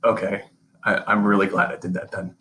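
A man's voice: on the low side, little pitch movement, fairly quick, sharp tone, rough recording. A young man, a sports reporter, talking earnestly as a podcast guest, often repeating and restarting words. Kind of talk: casual interview conversation.

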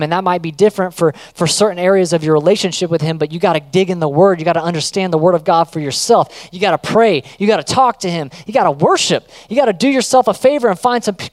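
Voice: mid-range voice, no echo. A youth pastor giving a casual sermon, urging listeners on in rhythmic, repeated phrases.

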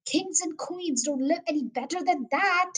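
A woman's voice: extremely high pitch, normal speed, low-quality recording. A woman reading as a jubilant, boastful father. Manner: exuberant, grand and boastful. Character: jubilant grown man, a boy's proud father.

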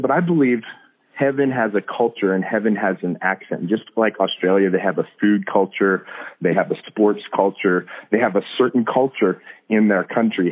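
A man talking earnestly as a podcast guest about hearing God, with frequent restarts and fillers. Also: lowish voice. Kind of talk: casual faith talk. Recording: tinny phone-like line.

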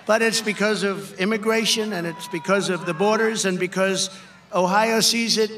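Older guy at a rally, repeats himself, bright high voice picked up from a distance. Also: steady tone, moderate pace, slight background noise. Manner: repetitive, emphatic, often shouting. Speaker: political speaker. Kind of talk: rally speech.

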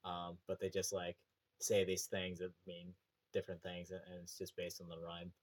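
A man co-hosting a podcast in casual chat, animated, laughing often and repeating words as he talks. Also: low voice, moderate pace. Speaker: podcast co-host.

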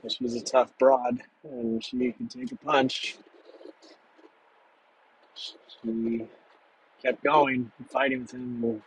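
A man telling a personal story from his past in a halting, measured way with long pauses. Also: medium pitch, animated, creaky, slight background noise, low-quality recording.

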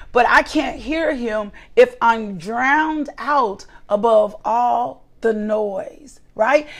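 Woman preacher, sermon delivery, gravelly fry, slightly high pitch, emphatic repetition. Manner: emphatic, repeats key phrases, asks "right?" often.

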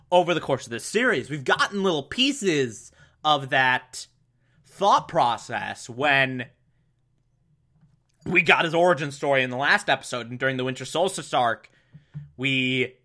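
A man's voice: on the high side, pushed and bright. A man giving a casual, enthusiastic spoken review of a cartoon episode, rambling and breaking off mid-thought. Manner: enthusiastic, rambling, self-interrupting. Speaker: show reviewer.

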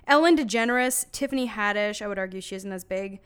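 A woman's voice: medium pitch, fairly bright tone, clean tone. A young woman from Saskatchewan, co-hosting a podcast in casual chat and laughing often. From Saskatchewan, Canada. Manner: chatty, laughs often, drawn-out sign-off. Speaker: podcast co-host.

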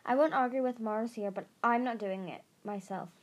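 A woman's voice: fairly high pitch, moderate pace, lightly acted. A woman voicing a reluctant, uneasy male dragon in an amateur audiobook reading, hesitant and defensive.

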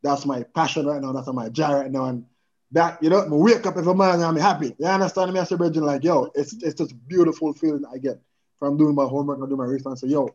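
Podcast guest, man, lively and earnest with patois, higher-pitched voice, muffled lo-fi audio. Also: quick pace. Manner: animated, repeatedly checks in with the listener, mixes in patois. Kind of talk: casual chat. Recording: dull lo-fi sound.

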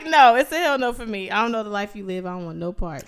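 A woman's voice: mid-range voice, lively intonation, quick pace, hardly any pauses, pushed and bright, smooth. A woman co-hosting a podcast, telling a story in casual chat and acting out the dialogue with slang. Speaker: podcast co-host.

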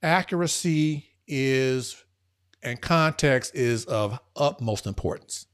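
A man speaking as a podcast guest, earnest and emphatic, shifting between quick bursts and slow, stressed words. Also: medium pitch, lively intonation, clear, resonant tone. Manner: earnest and emphatic, speeding up and slowing down. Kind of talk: casual conversational podcast talk.

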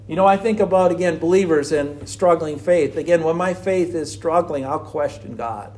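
A man's voice: on the high side, moderate pace, few pauses, darkish tone. A man preaching an earnest sermon on struggling faith, full of rhetorical questions. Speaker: pastor.

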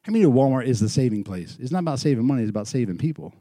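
A middle-aged man preaching a sermon in a church, moving from loud, lively storytelling to quiet, earnest lows. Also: racing, dry recording, clean studio sound. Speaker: pastor.

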